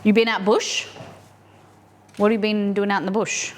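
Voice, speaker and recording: A woman's voice: mid-range voice, little pitch movement, moderate pace, slight background noise. A young Australian woman casually chatting with her stream chat as she cooks in her home kitchen, rambling from one thing to the next. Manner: chatty, rambling, talks to chat while cooking. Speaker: streamer cooking on a live stream. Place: home kitchen set up as a studio.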